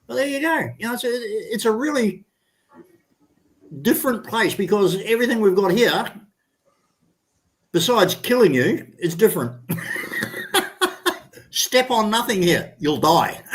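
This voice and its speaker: A man's voice: high-pitched, lively intonation, unhurried, long pauses. An Australian man in his sixties, a guest in a casual chat, talking in a rambling, enthusiastic way and swearing freely.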